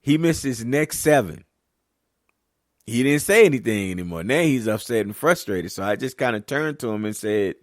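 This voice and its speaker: A man hosting a casual podcast monologue as a youth basketball coach, talking candidly and telling stories, getting animated when riled up. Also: mid-range voice, normal speed, no room sound, clean studio sound. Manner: slips into casual Southern-leaning American speech (y'all, ain't).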